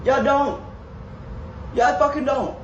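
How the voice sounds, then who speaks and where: A man's voice: very high voice, steady tone, slow pace, dull audio, heavily acted. A man playing a furious, cursing overworked mom. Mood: angry. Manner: yelling, cursing, exasperated. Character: furious overworked mother scolding her kids. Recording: roomy, distant, noisy skit audio.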